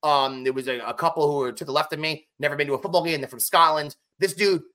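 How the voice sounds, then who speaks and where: Excitable bright-voiced man talking sports. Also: fairly high pitch, fast talker. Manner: excited, emphatic, runs through stats. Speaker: podcast co-host. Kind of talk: casual sports podcast chat.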